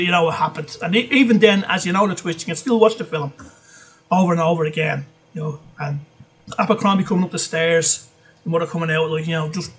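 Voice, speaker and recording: Man, Irish accent, fairly high voice, casual vlog chat, rambling, swears freely. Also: breathy edge. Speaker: vlogger. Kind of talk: casual film list chat.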